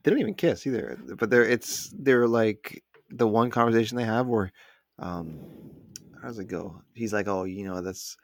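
A man co-hosting a podcast in casual film talk, relaxed and retelling scenes by quoting characters. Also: mid-range voice, moderate pace, no echo, clean studio sound. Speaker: podcast co-host.

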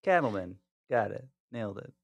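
An American podcast guest, chatting casually with animated delivery and frequent laughs. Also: medium pitch, normal speed, creaky, no room sound. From United States. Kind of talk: casual chat.

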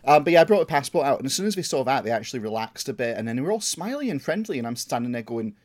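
A man's voice: medium pitch, sing-song, rapid-fire. A man co-hosting a podcast, telling a story in casual chat, laughing and swearing as he goes. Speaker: podcast co-host.

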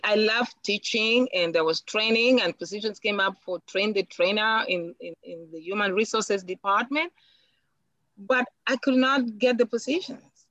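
Her voice is medium in pitch and fairly bright, though the audio sounds dull and has no echo. The speaker, a woman from Africa being interviewed about personal matters, answers earnestly and thoughtfully, frequently repeating words as she gathers her ideas.

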